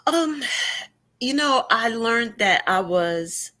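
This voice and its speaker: A woman's voice: on the high side, lively intonation, slow, sharp tone. A middle-aged woman talking candidly with wry humor as a guest about her past with cancer, on a video call. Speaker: guest, cancer survivor blogger. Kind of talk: casual emotional conversation. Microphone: remote video call.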